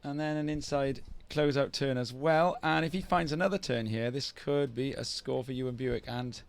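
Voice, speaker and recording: A man's voice: medium pitch, moderate pace, vocal fry, clear, resonant tone. Chatty male surf commentator. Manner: chatty, teasing banter between play-by-play calls. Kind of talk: live sports commentary.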